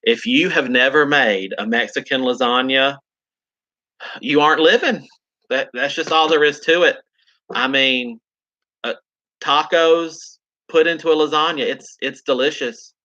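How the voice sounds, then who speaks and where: Bright-voiced South Carolina drawl, chatty man. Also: mid-range voice, unhurried, muffled recording. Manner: chatty, upbeat, drawling, reads and answers viewer comments. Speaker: gardening channel host. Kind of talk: casual live-stream chat.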